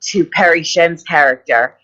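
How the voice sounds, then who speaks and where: A woman in her fifties, an actress guest telling excited stories in a casual interview. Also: deep voice, a little slow. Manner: excited, gushing storyteller. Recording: slightly muffled audio.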